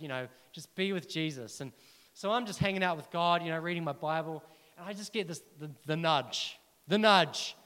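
A man preaching a sermon, telling personal stories in a chatty, animated way and asking the listeners questions. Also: sits high, long reverb tail. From New Zealand.

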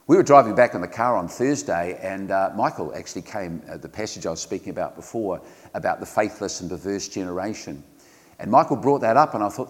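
New male pastor, low voice, earnest conversational sermon delivery, long reverb of a church hall. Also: quick pace. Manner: earnest, conversational preaching with frequent fillers and restarts.

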